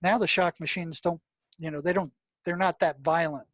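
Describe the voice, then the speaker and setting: An older man speaks as an interview guest, his voice pitched a little high and recorded dry and close. He tells his story with animation, stumbling through restarts and breaking into exclamations at dramatic moments. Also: normal speed, dry recording. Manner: animated, many restarts, exclaims when recounting. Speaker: guest, retired mental health practitioner.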